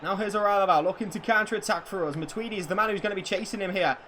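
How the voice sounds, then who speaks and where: A man streaming a football video game, calling the play like a commentator and chatting with viewers, excitable and prone to swearing and bursts of shouting. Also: high-pitched, rapid-fire, a little hiss or hum.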